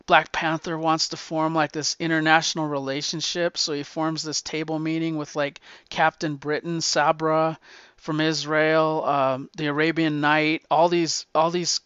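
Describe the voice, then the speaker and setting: A man's voice: a little high, flat delivery, unhurried, fairly bright tone, clear, resonant tone, dry recording, highs cut off. A man hosting a comics podcast in casual chat, enthusiastic and rambling, swearing freely and restarting often.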